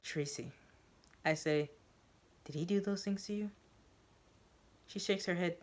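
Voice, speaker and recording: A woman narrating a first-person story in a measured, dramatic reading. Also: lowish voice, darkish tone.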